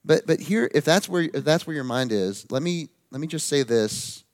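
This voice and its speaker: A man preaching a sermon in an earnest, emphatic way, slowing down to stress key phrases. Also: on the high side, animated.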